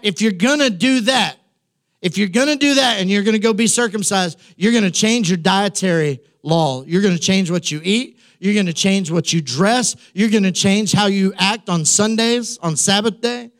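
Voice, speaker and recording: A man's voice: sits high, normal speed, a bit bright. A man, preaching a conversational sermon as pastor, with emphatic repetition and asides to his congregation.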